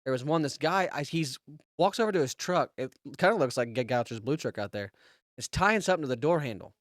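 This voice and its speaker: A man co-hosting a podcast, telling crude, animated stories and acting out quotes. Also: a little high, brisk, no room sound, clean studio sound. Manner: swears a lot, tells animated stories with acted-out quotes. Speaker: podcast co-host. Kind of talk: crude casual chat.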